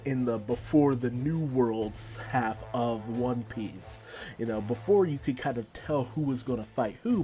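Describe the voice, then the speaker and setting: Mellow-voiced man recapping a manga chapter. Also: medium pitch. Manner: loose, rambling storytelling.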